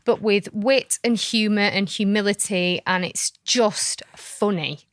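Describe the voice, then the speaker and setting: A woman's voice: mid-range voice, unhurried, no echo, clean studio sound. A woman co-hosting a podcast, chatting in a bubbly, enthusiastic way. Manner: bubbly, enthusiastic, laughs often. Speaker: podcast co-host. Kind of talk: casual chat.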